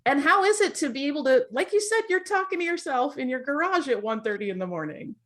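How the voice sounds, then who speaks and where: A woman's voice: high voice, animated, a bit bright. Bubbly woman moderating a panel. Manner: bubbly, fast, gushing fan. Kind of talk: casual interview. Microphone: video call.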